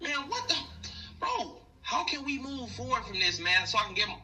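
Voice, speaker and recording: A man's voice: extremely high pitch, very animated, moderate pace, pushed and bright, slight background noise, voice pushed up, heavily acted, rough recording. A man putting on a whiny, cracking pleading guy. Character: distraught grown man, boyfriend pleading.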